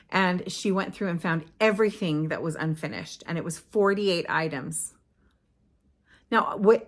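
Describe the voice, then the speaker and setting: A middle-aged woman hosting her own craft podcast in casual, rambling chat, often stopping to correct herself. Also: fairly low pitch. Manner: chatty and rambling, with frequent self-corrections. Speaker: podcast host.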